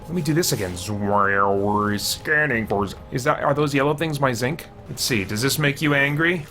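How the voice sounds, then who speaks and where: A man talks his way through a game, reacting aloud to every sound and surprise. He is jumpy and excitable, sometimes yelping, and his voice sits at an ordinary middle pitch. Faint game music plays underneath. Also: moderate pace. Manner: jumpy, excitable, easily startled. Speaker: gameplay commentator. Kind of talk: let's play commentary.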